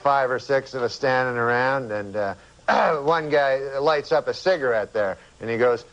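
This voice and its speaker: A man, a comedian guest, telling a long rambling anecdote in a deadpan, halting way with many uhs. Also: mid-range voice, lo-fi sound.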